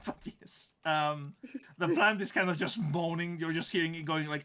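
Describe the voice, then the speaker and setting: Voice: mid-range voice, fairly even intonation, moderate pace, fairly bright tone. A game master narrating a tabletop game, chatty and often laughing.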